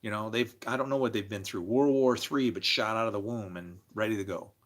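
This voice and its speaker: A man's voice: fairly low pitch, a little fast. Man rambling through wild stories. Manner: animated, laughing, swears freely; jumps between stories mid-sentence. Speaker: livestreamer. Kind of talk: casual rambling storytelling.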